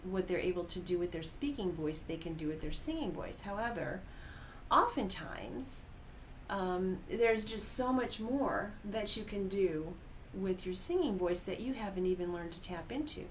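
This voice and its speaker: A woman's voice: mid-range voice, lively intonation, normal speed, slight background noise, rough recording. A middle-aged woman teaching a singing lesson, encouraging students as she explains vocal exercises. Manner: encouraging, demonstrating vocal slides. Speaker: music teacher.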